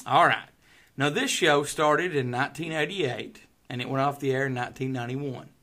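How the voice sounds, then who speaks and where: A man's voice: medium pitch, moderate pace, pushed and bright. A man hosting a casual podcast chat, playful and quizzing his co-host.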